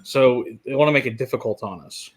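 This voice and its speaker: A man's voice: mid-range voice, fairly quick. Rambling man hosting a tasting stream. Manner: rambling, reads viewer chat aloud. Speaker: host. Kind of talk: casual whiskey tasting chat on a live stream.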